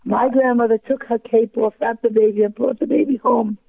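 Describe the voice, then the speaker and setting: A woman's voice: fairly high pitch, fairly even intonation, brisk, creaky, no echo. An older woman calling in as a guest, telling stories with emphatic repetition. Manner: emphatic, repetitive, acts out quoted voices. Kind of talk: storytelling in a talk-show interview. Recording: tinny phone line.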